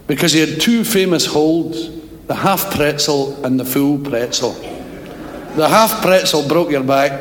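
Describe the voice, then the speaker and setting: A man telling a long joke on stage, acting out characters in loud shouting voices. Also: a little high. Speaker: storyteller comedian. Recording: echoey hall, crowd, faint noise.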